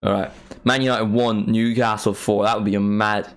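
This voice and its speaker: A man's voice: lowish voice, level tone, normal speed. A man with an Irish accent hosting a football watchalong stream, chatting casually in a rambling, self-mocking way. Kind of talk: casual live-stream chat.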